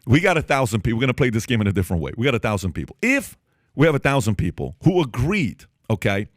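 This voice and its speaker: Podcast host guy, lively up and down voice, keeps repeating himself to make the point, dry close sound. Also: mid-range voice, fast talker, no echo. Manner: repeats himself, builds examples step by step. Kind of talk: animated debate.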